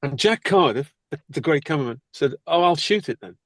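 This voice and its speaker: Husky older man telling stories. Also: on the high side, a little fast, no room sound. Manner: animated, acts out quoted people. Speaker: actor guest. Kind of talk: anecdotal storytelling in interview.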